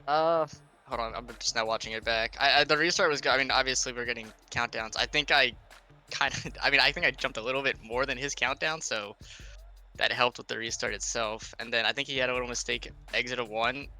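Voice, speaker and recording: A man who sounds very bright and forward, giving a post-race interview over voice chat. He talks in a relaxed, rambling way and walks back through the final laps. Faint music plays under him. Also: mid-range voice. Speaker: sim racing driver interviewed after a win.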